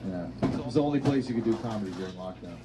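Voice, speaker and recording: A man performing a stand-up comedy set, telling stories in a dry, deadpan way and acting out quotes. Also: lowish voice, rapid-fire, heavy background noise. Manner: deadpan storytelling with acted-out quotes. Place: comedy stage with a laughing audience. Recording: live audience laughter.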